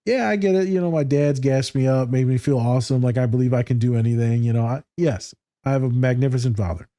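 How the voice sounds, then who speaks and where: A man with a warm, mellow voice chats casually on a podcast, getting excitable and swearing freely. His voice is mid-pitched and sounds dry and close, with no room around it. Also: fast, no room sound. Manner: excitable, profane, laughs often. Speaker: podcast co-host.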